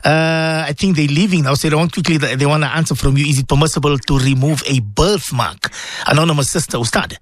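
A man's voice: on the high side, a little fast, few pauses, no echo, studio quality. A man hosting a call-in radio show, reading out listener questions and affirming the guest often. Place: radio studio.

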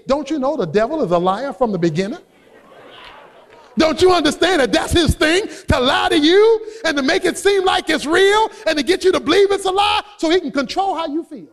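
High-voiced preacher in a reverberant hall. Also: male voice, lively intonation, brisk. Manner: emphatic preaching, rising to shouts. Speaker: pastor. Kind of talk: sermon.

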